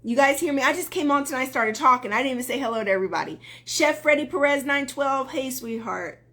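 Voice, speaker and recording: A woman's voice: sits high, lively intonation, fast talker, bright, forceful tone. A woman dating coach talking on a live stream, earnest and emphatic, greeting viewers as they join.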